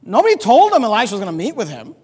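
High-voiced pastor preaching in a hall. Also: male voice, rapid-fire, slightly rough. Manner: animated preaching, reads scripture aloud, acts out characters. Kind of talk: sermon.

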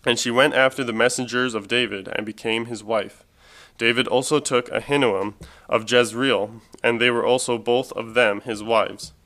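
A man reading a long scripture passage aloud at a steady, measured pace. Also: mid-range voice. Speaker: scripture reader.

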